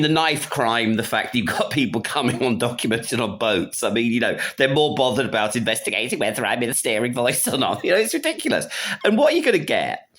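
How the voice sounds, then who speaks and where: A middle-aged man rants his way through a casual political vlog. His pitch swings widely as his tone turns mocking, and he often laughs at his own jokes. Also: fairly bright tone. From United Kingdom. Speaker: political vlogger. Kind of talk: casual ranting monologue.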